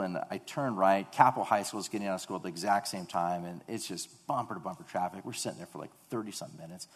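A man in his thirties preaching a sermon, earnest, rising to loud emphatic peaks and dropping to quiet storytelling. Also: fairly low pitch, slightly rough. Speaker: pastor. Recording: long reverb of a large hall.

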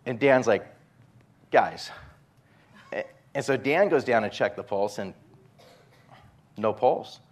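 A man's voice: medium pitch, expressive, unhurried, pauses often. A male pastor preaching a sermon in a conversational storytelling way, acting out the quotes.

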